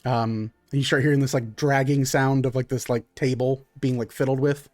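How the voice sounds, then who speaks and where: Relaxed male game master. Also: mid-range voice, moderate pace, no room sound. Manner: relaxed, conversational, with many fillers. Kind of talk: narrating a tabletop game.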